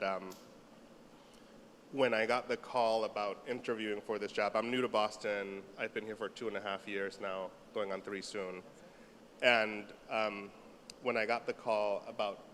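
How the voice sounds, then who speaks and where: A relaxed man with a lowish voice speaks on a panel, joking about himself and pausing on fillers. The sound carries a long hall echo and a faint hiss. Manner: relaxed, self-deprecating, many fillers. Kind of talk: panel remarks. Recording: hall reverb, faint noise.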